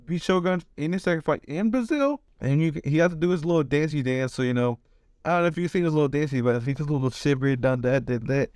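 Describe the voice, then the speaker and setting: A man's voice: on the high side, fast, a little mellow, clear, resonant tone, no room sound, clean studio sound. A man giving fight predictions, talking slangy and rambling, swearing a lot and restarting his sentences. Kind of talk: casual chat.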